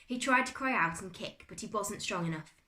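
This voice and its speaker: A British woman teacher reading a chapter book aloud to her class, expressive and dramatic. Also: medium pitch, fairly quick. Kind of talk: storybook read-aloud. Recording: echoey room.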